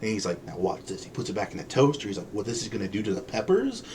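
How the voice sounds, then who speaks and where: A male podcast co-host tells a casual story with a lively, swooping voice, slipping into the voices of the people he quotes. He laughs easily. There is a faint hiss of background noise under him. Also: fairly low pitch, fast. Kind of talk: casual chat.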